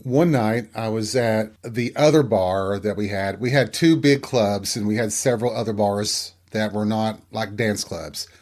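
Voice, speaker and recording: A man's voice: fairly low pitch, unhurried, hardly any pauses, darkish tone. Frank man telling a personal story. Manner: candid, frank and profane. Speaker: podcast host.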